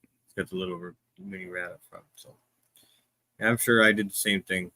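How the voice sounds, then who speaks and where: A man's voice: sits low, fairly even intonation, moderate pace, sharp tone, a little hiss or hum. A man making brief, laid-back remarks in a casual chat.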